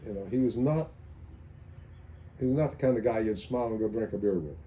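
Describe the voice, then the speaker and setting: An older male veteran spins long, wandering army anecdotes in an interview. His voice is low and deeply mellow, with frequent restarts. A faint noise floor sits under the recording. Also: brisk, poor audio. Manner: rambling anecdotal storytelling with restarts. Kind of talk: oral history interview.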